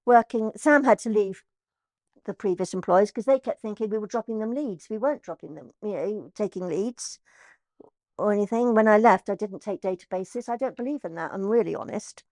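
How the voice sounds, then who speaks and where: A middle-aged woman, an estate agent telling her story in an interview, chatty and animated. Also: medium pitch, moderate pace, dry recording, studio quality. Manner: chatty, animated, acts out quoted voices.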